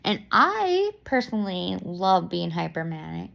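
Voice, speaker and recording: Excitable rambling young woman, creaky voice. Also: fairly low pitch, measured pace. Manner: rambling, excitable, laughs often, many restarts. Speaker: vlogger. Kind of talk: casual talking-to-camera vlog. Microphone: camera mic.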